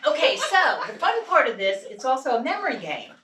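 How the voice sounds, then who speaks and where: A woman's voice: sits high, very animated, fairly quick, sharp tone, a little hiss or hum. A woman leading a group vocal exercise at a church retreat, playful and laughing often, congested from allergies. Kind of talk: casual workshop talk to a group. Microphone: distant room mic. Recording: echoey church room, mic far off.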